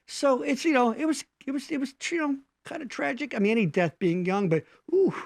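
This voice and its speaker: A male co-host on a casual live stream rambles, swears a lot and laughs easily. His voice is very high and creaky, and the recording is dry.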